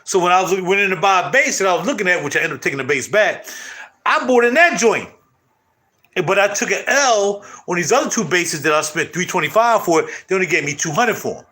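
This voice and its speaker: A middle-aged man hosting his channel, chatting casually to viewers in loud, animated, slangy street talk. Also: high-pitched, a little fast. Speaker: channel host.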